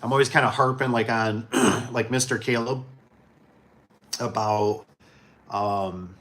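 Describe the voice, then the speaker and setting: A man from Michigan hosting a casual livestream, talking in a relaxed, rambling way and chuckling often. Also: medium pitch, slow. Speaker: livestream host.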